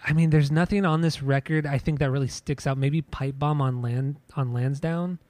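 A man's voice: fairly high pitch, steady tone, moderate pace, a little mellow. A man co-hosting a podcast, talking casually about music in a rambling way with many restarts. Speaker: podcast co-host. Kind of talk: casual chat.

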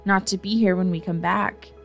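A woman's voice: mid-range voice, steady tone, normal speed, gravelly, faint music behind, lightly acted. A woman voicing a prim, know-it-all young schoolboy in a storybook reading.

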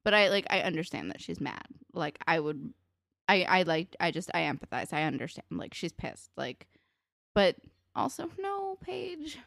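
A woman's voice: deep voice, moderate pace, vocal fry, a bit bright, no room sound, clean studio sound. A young woman in casual chat, giving exasperated, opinionated commentary on a show with sarcastic asides.

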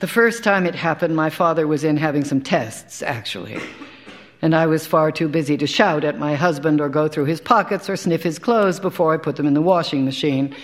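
A woman's voice: sits low, a little fast. A woman, an actor, giving a live dramatic reading of a first-person short story, in a wry, conversational way with dry asides. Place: live stage performance.

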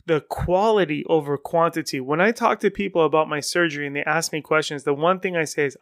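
Smooth, dry-sounding enthusiastic male podcaster. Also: fairly high pitch, no room sound. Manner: animated, rambling, enthusiastic. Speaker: podcast host. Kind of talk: casual solo podcast talk.

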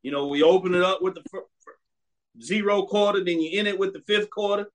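A man's voice: sits high, fairly even intonation, a little fast. A man hosting a sports show, giving blunt, opinionated commentary and hammering his points with repeated commands.

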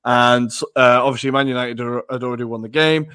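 A man co-hosting a football podcast, telling stories in an animated, enthusiastic way. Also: mid-range voice, a little fast, clear, resonant tone. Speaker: podcast co-host. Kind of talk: casual chat.

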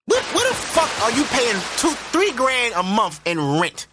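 A man hosting a podcast alone, ranting loudly and profanely in disbelief. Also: very high-pitched, wildly swooping pitch, unhurried, noisy background. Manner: loud, profane, incredulous ranting. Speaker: podcast host. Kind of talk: ranting solo podcast commentary.

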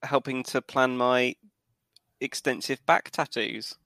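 A man's voice: medium pitch, steady tone, measured pace, sharp tone, no room sound. A British man who is a podcast guest, chatting playfully and tongue-in-cheek. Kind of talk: casual chat.

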